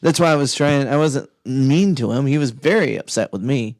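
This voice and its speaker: A man co-hosts a podcast in casual chat, laughing often as he tells stories and acts out quoted voices. His mid-range voice is a little mellow and moderately paced, recorded at studio quality with no room sound.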